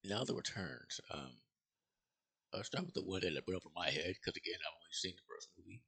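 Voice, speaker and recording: A man's voice: low-pitched, animated, a little fast, vocal fry, sharp tone, husky. A man giving a casual, rambling movie review, swearing freely and full of fillers and restarts.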